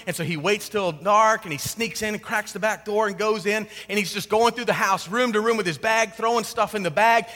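A male pastor preaching a sermon, swinging between loud emphasis and hushed tones. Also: high voice, brisk, hardly any pauses. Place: church sanctuary with a congregation. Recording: long hall reverb.

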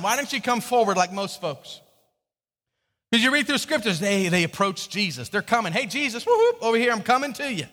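A male pastor's voice sits high, pushed and bright, as he delivers a sermon in a church with an echoey hall. He talks conversationally, repeating words and questioning the congregation.

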